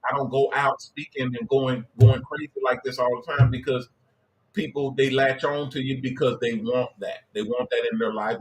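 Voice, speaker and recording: A middle-aged man hosting a livestream, giving a motivational coaching talk in an emphatic, preachy way that swings between loud and low. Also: low-quality recording. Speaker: livestream host and business coach.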